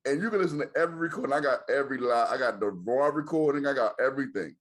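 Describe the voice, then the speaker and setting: A man co-hosting a wrestling podcast since its first season, joking loudly in casual banter. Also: mid-range voice, animated, rapid-fire. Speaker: podcast co-host. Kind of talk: casual chat.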